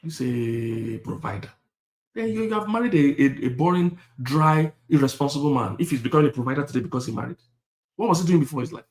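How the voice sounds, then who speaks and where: A man preaching a sermon, repeating his points, laughing, and swinging from loud to hushed. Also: medium pitch, lively intonation, quick pace. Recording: echoey hall.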